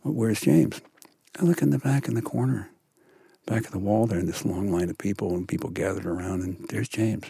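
An older man, an actor guest in a studio podcast interview, telling stories in an animated way with many restarts. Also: lowish voice, moderate pace, creaky, husky, dry recording. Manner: animated storyteller, frequent restarts.

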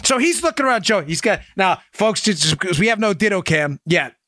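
A man hosting a political podcast, talking in an animated, sarcastic and wisecracking way and mocking other people's voices. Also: high-pitched, a little fast, no room sound, studio quality.

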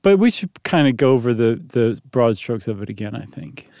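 A man's voice: mid-range voice, sing-song, fairly quick, a little mellow, dry recording. A man with a mid-range voice co-hosting a podcast. He chats casually, teases his partner and explains the history. The sound is dry and close. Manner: joking, explanatory. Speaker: podcast co-host. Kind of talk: casual chat.

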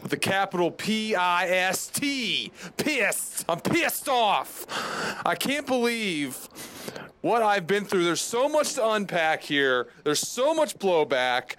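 A man's voice: high-pitched, a bit bright. A man in a comedic monologue, ranting in an agitated, rambling way with lots of restarts. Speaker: comic character monologue. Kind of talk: frantic comedic rant. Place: public library.

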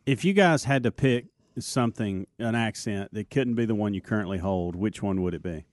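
A man's voice: fairly low pitch, normal speed, dry recording, clean studio sound. A man on a radio talk show, agreeing and chiming in with short remarks. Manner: agreeable, brief interjections. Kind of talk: casual radio banter.

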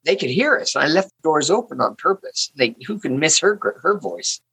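An older woman, an actress guest, telling a story in a lively, blunt way. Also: sits low, normal speed, breathy edge, low-quality recording. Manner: vivid, blunt anecdote-telling with bursts of laughter. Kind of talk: animated storytelling.

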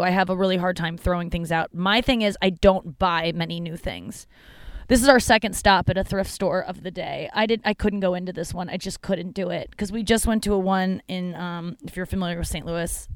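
A woman's voice: on the low side, creaky, clean tone, dry recording. A woman podcast host talking in a casual, rambling way, full of swearing and self-deprecating tangents, recorded in her car.

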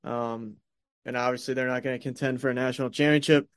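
A man with a raspy voice hosting a casual sports podcast, rambling with lots of fillers and restarts, just over a stomach bug. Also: medium pitch, flat delivery, fast talker, no room sound, studio quality. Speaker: podcast host.

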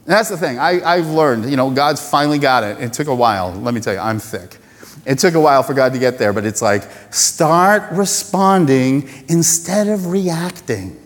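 Animated male pastor in an echoey hall. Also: on the high side. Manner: lively, conversational, self-deprecating, acts out little voices. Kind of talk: sermon.

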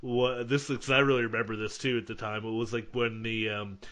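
A man's voice: medium pitch, level tone, a little fast, noisy background. A man co-hosting a casual chat, enthusiastic and rambling with many restarts. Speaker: podcast co-host.

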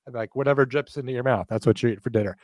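Rapid-fire and mid-range, a male podcast co-host rattles off ad reads with deliberately over-the-top sales energy, all in fun. No room sound is present.

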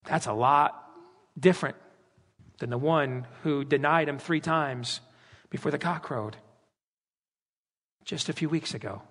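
A man preaching a sermon at his church, animated and dramatizing scripture with character voices. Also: on the high side, measured pace, long pauses. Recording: long hall reverb.

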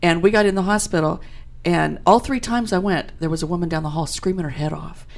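A woman with a gravelly, fairly low voice chats on a talk show. She tells her own stories bluntly and with dry humor. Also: fairly quick. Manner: blunt, wry storytelling. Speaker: co-host. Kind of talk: casual chat.

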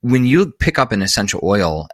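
A man's voice: lowish voice, big pitch swings, normal speed, no room sound, studio quality. A man talking as an interview guest, explaining at length in an earnest way, repeating words for emphasis and correcting himself often. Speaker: guest expert.

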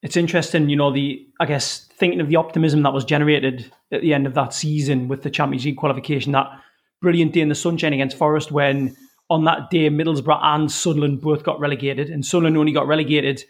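A man with a somewhat high voice hosts a casual fan podcast. He talks eagerly, reeling off long lists of names before putting a question to his guest. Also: fairly even intonation, fast talker. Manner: enthusiastic, reels off lists of names.

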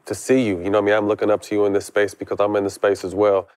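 Man, fast pace, slangy casual speech, stumbles over repeated words. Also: on the low side, completely flat delivery, darkish tone. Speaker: interviewee, former pro basketball player. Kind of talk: casual interview talk.

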